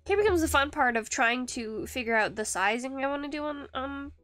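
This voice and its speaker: A woman's voice: high voice, animated, fairly quick, fairly bright tone, no room sound, faint music behind. A woman streaming live while she carves rings, talking in a rambling, self-deprecating way with many fillers and restarts. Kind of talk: casual live-stream chat while woodcarving.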